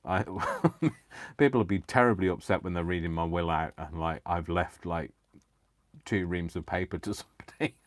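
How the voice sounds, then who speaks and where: A low-pitched man speaks at a moderate pace in a clean studio recording with no room sound. He's a craft channel host chatting on a livestream as he crafts, rambling along with giggles and self-deprecating jokes.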